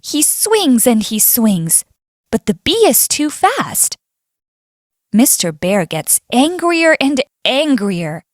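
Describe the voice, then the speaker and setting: A young woman with an Indonesian accent reading a fable aloud for a class in a slow, expressive way. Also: on the high side, no echo, studio quality. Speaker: student presenter. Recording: faint background music.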